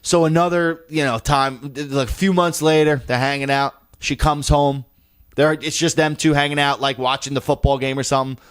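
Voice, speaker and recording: Speaking at normal speed in a slightly high voice that's clear and resonant, a young man co-hosting a comedy podcast tells a story in casual conversation. He swears plenty and animatedly plays the parts of the people he quotes.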